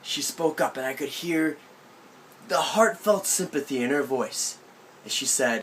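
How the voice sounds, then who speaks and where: A man's voice: medium pitch, unhurried. A young man vlogging from his aunt's country house, telling a childhood story with a playful, mock-serious delivery. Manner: animated, playful deadpan storytelling. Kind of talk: comic storytelling vlog.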